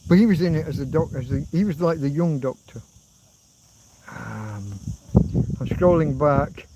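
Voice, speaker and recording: An English man in his fifties hosts a loose livestream chat, wandering from one memory to the next. He swears casually and hums old tunes. His voice sits a little high, with a faint hiss of noise underneath. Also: measured pace, long pauses, highs cut off. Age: 50s. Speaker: livestream host.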